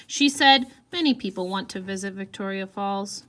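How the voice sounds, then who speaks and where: A woman's voice: mid-range voice, moderate pace, sharp tone, a little hiss or hum. A woman teacher giving a writing lesson, reading example sentences aloud and talking through her writing step by step. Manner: reads quoted lines in a lifted voice.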